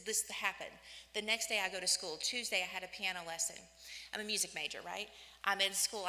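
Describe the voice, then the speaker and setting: A woman in her fifties giving an inspirational church talk, telling personal stories in an animated way and acting out the voices she quotes. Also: mid-range voice. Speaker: women's day church speaker. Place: church hall. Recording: echoey church hall.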